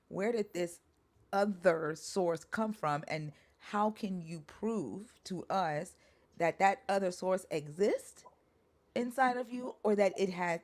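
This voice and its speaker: Low-pitched woman asking probing questions. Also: a little mellow. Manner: probing, asks pointed questions. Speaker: discussion participant. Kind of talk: debate in a group discussion.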